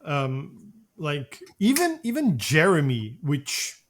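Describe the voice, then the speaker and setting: A man co-hosting a film review podcast, talking casually with animated, halting restarts. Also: on the high side, slight background noise. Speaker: podcast co-host.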